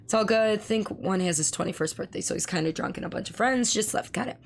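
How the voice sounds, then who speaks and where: A woman streamer in casual live-stream chat, with a hoarse, strained voice, who swears freely and talks back to her chat. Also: medium pitch, quick pace, slight background noise. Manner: chatty, swears freely, reads chat aloud.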